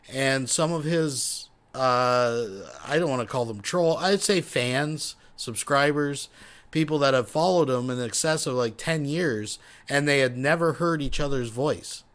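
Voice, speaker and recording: Man, livestream host, casual wry commentary, mid pitch. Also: a bit bright. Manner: wry, says "folks" often.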